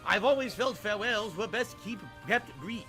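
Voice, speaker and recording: A man's voice: high-pitched, normal speed, bright, forceful tone. A man in his forties talking on a stream clip, tearful and self-mocking. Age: 40s. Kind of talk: stream recap talk. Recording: clip with clear music behind.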